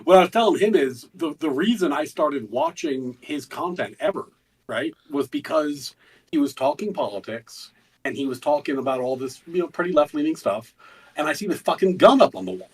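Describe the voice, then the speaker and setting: A man with a husky, slightly high voice, caught by a mic set some way off. He speaks as a guest lawyer in a loose political chat, casual and profane, often hedging his points. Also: lively intonation, moderate pace, a little mellow. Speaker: guest attorney. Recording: distant mic.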